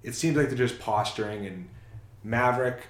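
A man's voice: mid-range voice, moderate pace, roomy sound. A man casually retelling a film's plot in a rambling, self-correcting way on a chat show. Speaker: podcast co-host. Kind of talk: casual movie recap chat.

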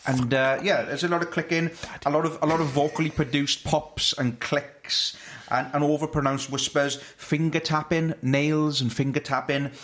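Man, slightly high voice, casual comedic chat, laughs often, restarts a lot. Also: steady tone, normal speed, hardly any pauses, fairly bright tone, slight background noise.

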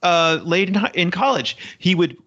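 A man's voice: high voice, normal speed, highs cut off. A man co-hosting a podcast who talks in a casual, emphatic way, repeating words for stress, and reads book passages aloud. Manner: animated, emphatic, repeats himself. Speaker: podcast co-host.

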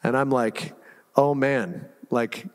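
A man's voice: medium pitch, fairly even intonation, slow pace. A male pastor preaching to a congregation, telling a personal story in a casual, self-deprecating way with frequent laughter. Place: church hall with a congregation. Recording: echoey hall.

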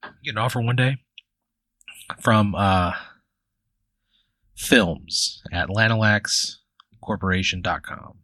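A man with a low-set voice and a bright, forceful edge rambles through an improvised comic story. He swears freely and keeps restarting his sentences. The sound is dry and close. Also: slow, pauses often, no room sound. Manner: rambling, profane, full of fillers and restarts. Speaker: comedy podcast host.

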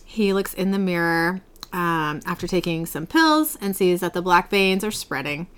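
A woman's voice: lowish voice, animated, normal speed, fairly bright tone, clean tone. A woman hosting a casual podcast, animatedly retelling a show's episode and giggling often. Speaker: podcast host.

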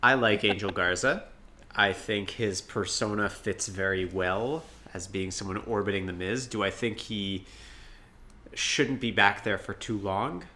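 A man co-hosting a casual podcast, giving firm opinions in a deliberate way. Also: lowish voice, pushed and bright, a little hiss or hum. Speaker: podcast co-host. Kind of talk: casual wrestling podcast chat.

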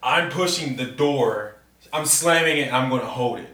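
A man playing a tabletop game, talking in lively, boastful banter. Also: medium pitch, normal speed. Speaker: player. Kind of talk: casual tabletop game play. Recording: roomy with crowd noise.

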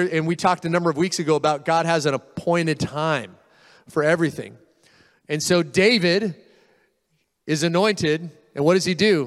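A man's voice: a little high, a bit bright, clear, resonant tone, big-room sound. Man preaching with casual storytelling. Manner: casual storytelling, acts out quoted voices. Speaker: pastor. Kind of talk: sermon.

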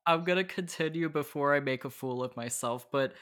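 A man's voice: on the high side, brisk, fairly bright tone, clear, resonant tone. A man hosting a podcast, chatting eagerly and giggling with his guest. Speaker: podcast host. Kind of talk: casual interview chat.

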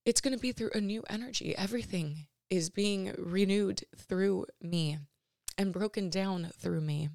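A woman in her thirties hosting her own podcast, talking personally and emotionally in a halting way with many restarts and fillers. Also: mid-range voice, gravelly, a little mellow, dry recording, studio quality. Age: 30s. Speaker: podcast host.

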